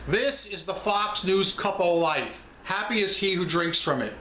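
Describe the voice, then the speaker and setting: Pitched high and in no hurry, his voice sounds pushed and bright against an echoey room with a little hiss or hum. He's a New York-accented vlogger who sells online, chatting casually and addressing viewers directly in a blunt, emphatic way about that business.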